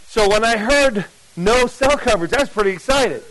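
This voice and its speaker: High-voiced, chatty American preacher man. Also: normal speed, low-quality recording. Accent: mixed American, mostly lost New Jersey. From New Jersey. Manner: chatty storyteller, animated asides to the audience. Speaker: pastor. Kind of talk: sermon. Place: church camp meeting before a congregation.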